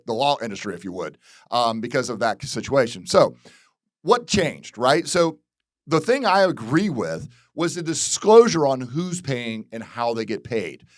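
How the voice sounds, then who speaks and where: A man from Florida who works as a real estate broker talks candidly and off the cuff, circling back to the same phrases. His voice sits at an ordinary middle pitch. The recording is close and dry, with no room sound. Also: no room sound. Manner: candid, repeats phrases, frequent restarts. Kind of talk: casual commentary. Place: real estate office video.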